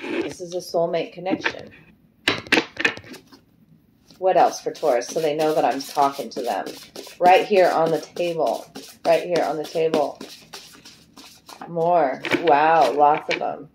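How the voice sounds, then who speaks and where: Chatty woman tarot reader, lowish voice. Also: measured pace, pauses often, noisy background. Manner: chatty and emotive, breaks into singing; loose, swears casually. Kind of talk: casual spiritual card reading.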